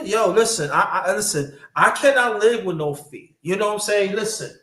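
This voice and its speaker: Animated man telling a story in an echoey room. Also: high-pitched, moderate pace, few pauses. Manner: animated storyteller, swears freely. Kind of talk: casual podcast storytelling. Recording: roomy echo.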